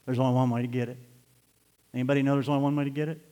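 A man preaching a sermon as pastor, swinging between loud, laughing bursts and hushed, slow scripture reading. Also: medium pitch, level tone. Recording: long hall reverb.

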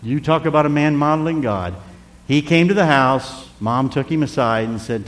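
A man's voice: on the high side, normal speed, slight background noise. Man in his sixties preaching in a hall. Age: 60s. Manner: animated, drops to hushed tones for emotional moments. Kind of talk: sermon storytelling.

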